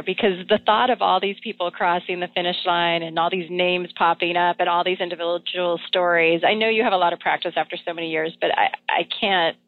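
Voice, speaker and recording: Woman, interviewer, friendly, laughs easily, phone-quality sound. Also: lowish voice. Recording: tinny phone line.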